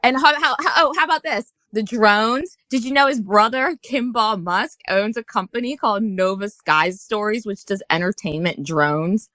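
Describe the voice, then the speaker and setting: A woman's voice: medium pitch, moderate pace, hardly any pauses, pushed and bright, dry recording. A woman hosting a live audio chat room, ranting heatedly with lots of swearing. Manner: angry, profane, heated ranting. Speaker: host. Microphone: phone or headset in a live audio room.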